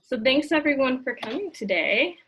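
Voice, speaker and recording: A woman hosts a children's story time over a video call, thanking readers and chatting with families. Her voice sits a little high and has a husky grain. She speaks in a friendly, upbeat way with the odd "um". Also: lively intonation, normal speed, a bit bright. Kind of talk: casual hosting to children and parents.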